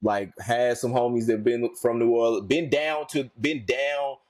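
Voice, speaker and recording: A man's voice: mid-range voice, unhurried, no echo. A man co-hosting a casual podcast, slangy and emphatic, repeating himself for effect. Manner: animated, slangy, emphatic repetition. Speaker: podcast co-host.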